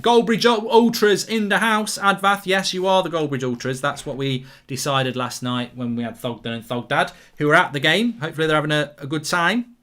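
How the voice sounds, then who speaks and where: A man from England hosting a live football watchalong, rambling excitedly and reading viewer messages aloud. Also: a little high, a little fast. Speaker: host.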